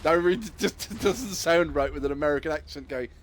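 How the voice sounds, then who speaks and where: A man streaming a video game, chatting casually and teasing his co-player with animated stories. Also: fairly high pitch, a little fast, slight background noise. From United Kingdom. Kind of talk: casual chat while gaming.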